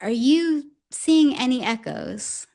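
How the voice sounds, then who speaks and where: Animated woman recapping a show. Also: sits high, slow pace, creaky. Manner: animated storyteller, acts out quotes. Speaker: podcast co-host recapping an anime. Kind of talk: casual recap and commentary.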